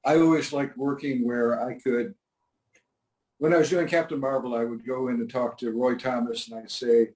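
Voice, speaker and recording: An older man, a comic creator guest, telling stories in a dry, matter-of-fact way with hesitant pauses. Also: medium pitch, steady tone, a little mellow, rough recording. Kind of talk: relaxed interview talk.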